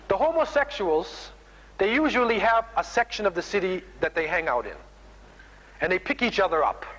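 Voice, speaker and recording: A man's voice: sits high, expressive, unhurried, long pauses, a bit bright, big-room sound, rough recording. A man preaching a sermon, emphatic, keeps ending lines with "man.". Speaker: Muslim preacher.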